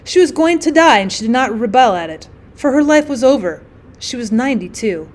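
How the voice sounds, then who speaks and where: A woman teacher giving a measured, clear scripted narration of a short story. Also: fairly high pitch.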